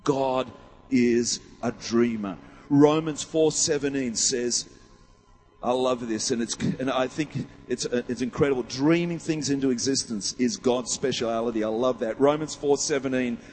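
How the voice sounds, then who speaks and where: A man's voice: mid-range voice, a little slow, a little mellow. A man preaching a sermon, emphatic and rousing, with many rhetorical questions. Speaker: pastor. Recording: long hall reverb.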